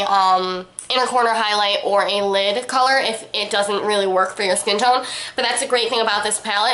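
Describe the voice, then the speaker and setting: A woman's voice: mid-range voice, a bit bright, slight background noise. A young woman reviewing makeup in a casual, gushing, chatty way, talking straight to her viewers. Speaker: beauty vlogger. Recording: echoey room.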